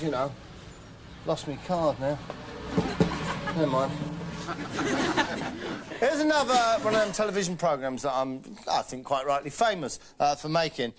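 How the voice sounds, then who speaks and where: A man's voice: on the high side, very noisy, lightly acted. A man doing a comic character, a boastful and dim celebrity who drops names, rambling and chatty. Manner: rambling, chatty, keeps saying "right?". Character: boastful, dim name-dropping male celebrity. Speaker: comedian in character. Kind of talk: comic monologue.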